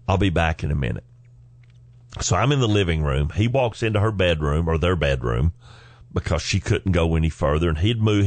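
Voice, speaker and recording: Low-voiced folksy man in his forties. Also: dry recording. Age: 40s. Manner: folksy, animated storyteller who chuckles between lines. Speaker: podcast host. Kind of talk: personal storytelling.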